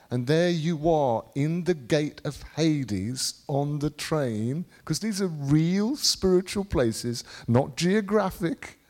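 A British man preaches a charismatic sermon, rambling and repeating phrases. He drops into low musing, then breaks out in sudden shouts.

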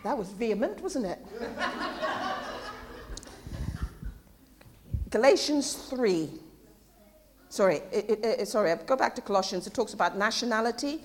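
Lively high-voiced woman preaching. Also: a little fast, slight background noise. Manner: impassioned, swings from quiet musing to loud declarations. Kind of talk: sermon.

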